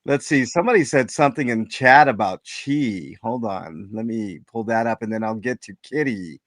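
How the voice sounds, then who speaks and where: A man's voice: medium pitch, expressive, normal speed, fairly bright tone, no echo, studio quality. A man hosting a livestream in loose, laid-back chat with casual swearing. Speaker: show host.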